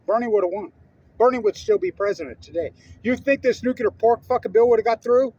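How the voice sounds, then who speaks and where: In a muffled recording, a high-pitched, mellow, slightly rough voice rattles off a profane political tirade at a fairly quick clip. The speaker, a middle-aged man from Utah, rambles angrily and keeps hopping between subjects.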